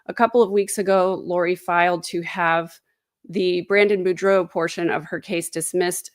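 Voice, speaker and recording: A woman's voice: fairly low pitch, steady tone, normal speed, no room sound, studio quality. A woman hosting a casual true crime livestream from home, chatty and sarcastic. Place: home, indoors. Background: dogs.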